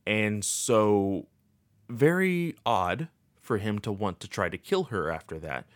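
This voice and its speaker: Low-voiced man rambling through a recap. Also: big pitch swings, slow, no echo, clean studio sound. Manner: rambling, filler-heavy with many uh and like. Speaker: story recap commentator. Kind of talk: casual recap of a game's story.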